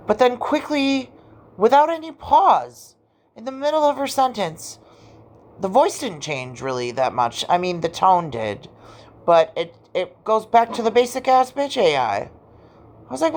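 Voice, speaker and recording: A woman with a low-pitched voice tells a story to her viewers in a loose, unscripted way. She talks bluntly and swears often, and she acts out what each person in her story said. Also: lively intonation, normal speed. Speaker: vlogger. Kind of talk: casual storytelling vlog.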